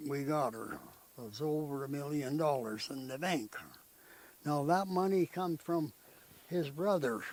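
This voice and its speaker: Slow-talking older man telling stories. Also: fairly high pitch, poor audio. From Canada. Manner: rambling, folksy storytelling with frequent "eh?" tag questions. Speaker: interviewee. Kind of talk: storytelling in conversation.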